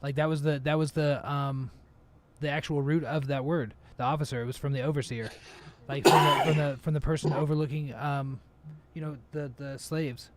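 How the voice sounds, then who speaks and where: A man's voice: fairly high pitch, fairly even intonation, normal speed, background noise. A man hosting a casual podcast chat, laid-back, with lots of fillers and swearing. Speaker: podcast host.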